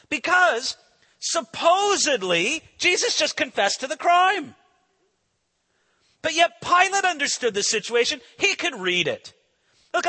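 A man preaching in an animated, emphatic way, with a high voice that swings widely in pitch. His tone is very bright and sharp. A long hall reverb trails his words. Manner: animated and emphatic, asks the listeners questions. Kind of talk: expository sermon.

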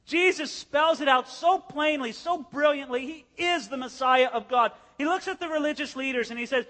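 A man's voice: very high-pitched, normal speed, few pauses, in a large hall. A man preaching an expository sermon as pastor, telling the scene vividly and acting it out. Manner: animated storytelling, acting out scenes.

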